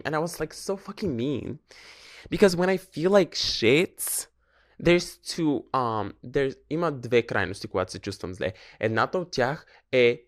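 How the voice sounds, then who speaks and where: A man's voice: mid-range voice, fairly bright tone. Profane young man. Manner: candid, profane, switching between English and Bulgarian. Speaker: podcast host. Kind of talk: casual solo confessional chat.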